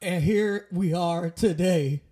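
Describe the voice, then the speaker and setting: A man's voice: high-pitched, slow pace, dark tone. A man co-hosting a podcast in a casual chat, joking and asking rambling questions. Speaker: podcast co-host.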